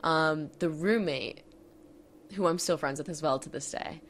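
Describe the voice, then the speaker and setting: Low-voiced young woman telling a story. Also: a little slow, a little hiss or hum. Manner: candid, emotional retelling with many fillers and swearing. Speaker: podcast host. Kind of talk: personal storytime.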